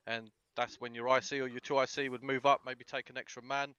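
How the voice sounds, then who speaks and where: A man runs a casual tactical briefing over voice chat. His manner is blunt and sweary, and he acts out bits of example dialogue. His pitch sits in the middle, and the headset sound is a little muffled. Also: fairly even intonation, a little fast, fairly bright tone. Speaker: instructor.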